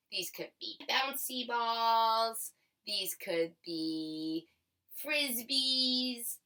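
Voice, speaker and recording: Young woman teacher, slow and singsongy, bright voice, drawing out sounds for little kids. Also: fairly high pitch. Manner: slow, sing-song and encouraging, stretching out sounds. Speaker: kindergarten teacher. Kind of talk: remote class lesson for young children.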